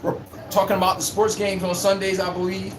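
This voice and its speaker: This man's voice sits high and monotone, and his pace is a little fast. He's hosting a casual sports stream, reading chat and playfully trash-talking in a brash manner, captured on a phone in an echoey room with a faint hum.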